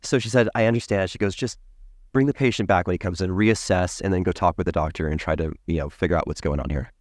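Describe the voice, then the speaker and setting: A man who works as a dental hygienist, a podcast guest telling an animated story and acting out the people in it. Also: low voice, quick pace, no echo, clean studio sound. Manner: emphatic, acts out the people in his stories.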